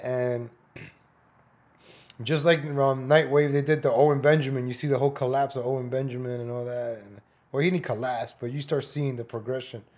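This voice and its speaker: A man's voice: medium pitch, fairly even intonation, moderate pace, darkish tone. A man hosting a reaction commentary, talking bluntly over a clip, mocking and swearing freely. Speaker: commentary host.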